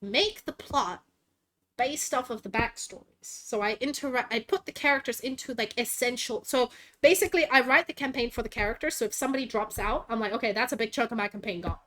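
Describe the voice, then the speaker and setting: Woman, vtuber host, casual chat, rambling, slightly high voice. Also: brisk, fairly bright tone. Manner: rambling, lots of fillers and restarts. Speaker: vtuber host and game master.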